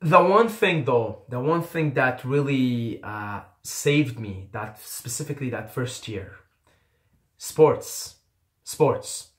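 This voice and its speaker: A young man from the Middle East, who did not grow up speaking English, tells his own story with animated, self-mocking humor and plenty of swearing. His voice sits at a medium pitch, and the room around him is noticeably echoey. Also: slow pace. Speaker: vlogger. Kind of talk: casual storytelling.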